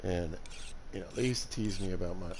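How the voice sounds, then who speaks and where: A man's voice: low voice, brisk, a little mellow, slight background noise. Joking Southern man streaming a game. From Alabama. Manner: joking, chatty asides to viewers. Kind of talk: casual gameplay commentary.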